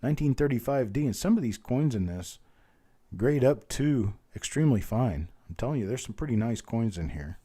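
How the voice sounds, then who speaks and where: Very dark-voiced man calling a live auction. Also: medium pitch, animated, breathy edge. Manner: rattles off bid calls fast, chats with viewers by name. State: voice strained from talking.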